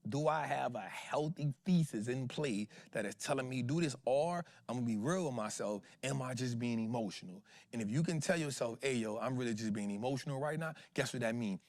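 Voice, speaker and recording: A man's voice: mid-range voice, no room sound. A man hosting an investing show in casual livestream talk, slangy and emphatic, throwing rhetorical questions at his viewers.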